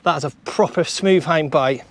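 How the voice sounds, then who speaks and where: A British man giving chatty running commentary to viewers while fishing on a beach, excitable and talkative. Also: a little high, normal speed. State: out of breath. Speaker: fishing vlogger and coach. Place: outdoors on a beach. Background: faint outdoor ambience.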